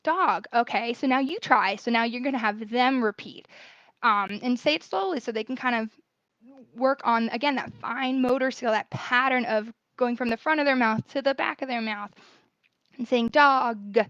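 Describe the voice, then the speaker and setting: A woman's voice: fairly high pitch, moderate pace, a bit bright, smooth, no room sound. A young adult woman speech-language pathologist talking parents through speech milestones in a casual, chatty way with lots of fillers. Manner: chatty, many fillers, self-correcting. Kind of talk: casual informal teaching talk. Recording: dry, slightly dull sound.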